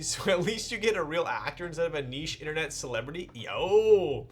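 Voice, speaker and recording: A man with a slightly raised pitch chats loosely with his live-stream audience. His talk is excitable and full of slang, broken up by easy laughter, with faint music playing underneath. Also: fairly quick. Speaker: streamer hosting a keyboard build stream. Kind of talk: casual live-stream chat with viewers.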